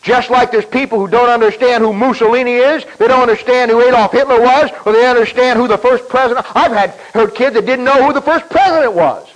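Folksy preacher man, high-pitched. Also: fast talker, few pauses, poor audio. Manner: folksy, emphatic, repeats himself; clears throat often. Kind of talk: sermon.

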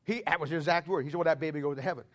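A man preaching a sermon in a folksy, emphatic way, joking with the congregation and rising to shouts. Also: on the high side, rapid-fire. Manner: jokes with the congregation.

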